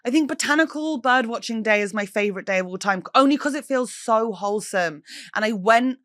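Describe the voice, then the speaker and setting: An English woman in her thirties hosting a solo podcast, telling stories in an animated, chatty way, swearing freely and mimicking people. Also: fairly high pitch, a little fast, no echo, studio quality. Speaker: podcast host.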